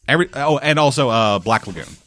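Podcast co-host, male, rapid rambling delivery, dry close sound, swears casually. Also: medium pitch, lively intonation, fairly bright tone, no echo. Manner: rambling, swears freely, many restarts and fillers. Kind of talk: casual gaming chat.

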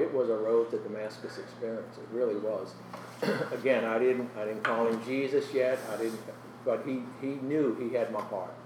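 In a Christian interview, a guest earnestly shares his personal testimony as a story, often dropping into a soft, emotional voice. His voice is mid-range, and he sounds far from the mic in an echoey room. The rough recording carries a little hiss or hum.

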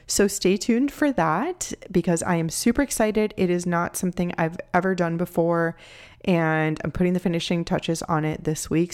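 A woman in her thirties with a low voice hosts a solo podcast. She speaks to her listeners as a nutrition coach, earnest and heartfelt, offering encouragement.

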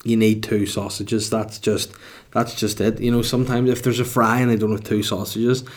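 A man's voice: lowish voice, little pitch movement, moderate pace. A young man with a Northern Irish accent, hosting a podcast and telling sweary, rambling comic stories in casual chat. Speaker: podcast host.

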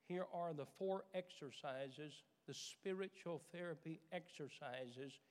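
Fervent middle-aged preacher in an echoing church. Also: male voice, on the high side, takes it slowly, darkish tone. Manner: preaching with rising fervor, repeating phrases. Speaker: pastor. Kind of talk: sermon. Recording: church sanctuary with long reverb.

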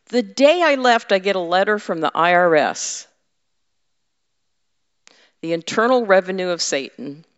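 A woman's voice: mid-range voice, expressive, a little slow, long pauses, clear, resonant tone. A woman preaching a conversational sermon to her congregation, candid and humorous, teasing her listeners. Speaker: women's ministry leader and preacher. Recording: echoey hall, slightly dull sound.

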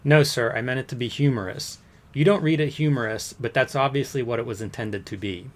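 A man's voice: medium pitch, fairly quick, lightly acted. A man playing a witness under cross-examination who answers with curt, defensive denials in a courtroom transcript reading. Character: defensive male witness testifying under oath.

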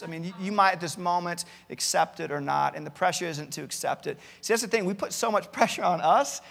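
Male pastor, sermon, somewhat high gravelly voice, big reverberant church hall. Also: brisk, few pauses, a bit bright. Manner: earnest preaching, reads many Bible verses aloud, repeats words at starts. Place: church campus, large hall.

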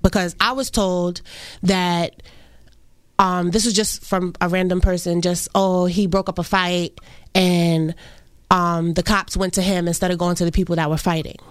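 A young woman, recounting a personal loss in an interview, halting and full of restarts. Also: on the low side, level tone, clean tone, no echo, studio quality. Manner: halting, many fillers and restarts. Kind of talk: emotional personal account.

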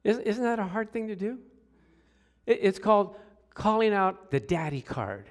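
A middle-aged man delivers a sermon in a lively storytelling manner. He drops to quiet asides, then bursts into loud exclamations and calls out to the congregation for an answer. His voice sits a little higher than most men's. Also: moderate pace. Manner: animated storytelling, swings from hushed to loud exclamations; asks the congregation for responses. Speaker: pastor.

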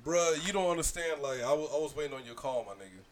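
A man's voice: a little high, lively intonation, fast talker, a loud crowd. A man in his mid-thirties hosting a podcast, slangy and swearing, stammering as he gets emotional and teary. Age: 30s. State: emotional, tearing up. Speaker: podcast host. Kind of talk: casual podcast chat.

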